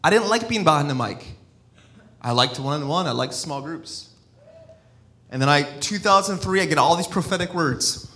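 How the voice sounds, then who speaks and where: A middle-aged evangelist preaching in a church with a fairly high-pitched voice. He talks in a free-flowing, personal way, telling stories and breaking off into restarts and asides. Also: animated, normal speed, pushed and bright. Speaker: evangelist-missionary. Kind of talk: sermon.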